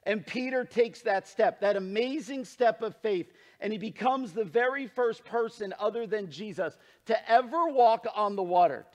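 Earnest high-voiced male pastor preaching. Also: normal speed, hardly any pauses. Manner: earnest, emphatic preaching, dropping low and soft for scripture. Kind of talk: sermon.

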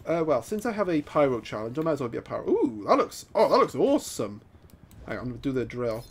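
Excitable man commentating gameplay. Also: on the high side, quick pace, faint music behind. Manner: excitable, laughing, taunting opponents. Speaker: gaming YouTuber.

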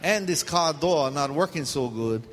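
A man's voice: on the high side, unhurried. A middle-aged man from Hawaii with a Pidgin-tinged accent, telling funny stories in a sermon as a pastor. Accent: Hawaiian Pidgin-tinged English. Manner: animated, humorous, laughs mid-story. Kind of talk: storytelling sermon. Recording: long hall reverb, faint background noise.

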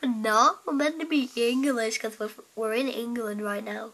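A woman's voice: fairly high pitch, steady tone, unhurried, a crowd in the background, rough recording. A woman chatting casually while playing a game, giggly and teasing, rambling on. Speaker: gamer.

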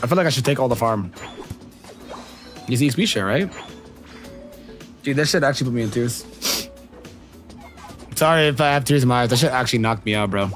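A man's voice: mid-range voice, lively intonation, a little fast, long pauses, faint music behind. A man streaming a game and chatting with viewers, slangy and profane and laughing often. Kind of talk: casual livestream chat with viewers.

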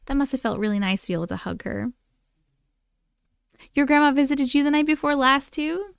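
A woman's voice: sits high, brisk, gravelly, no echo, clean studio sound. A woman hosting a casual live stream from home, chatty, gushing and affectionate as she talks with viewers. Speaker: live-stream host reading viewer stories. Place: at home with her cats.

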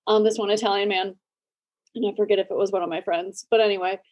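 A woman in her forties hosting a podcast, telling stories in a lively way with quick asides and frequent laughs. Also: medium pitch. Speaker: podcast host. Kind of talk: casual chat.

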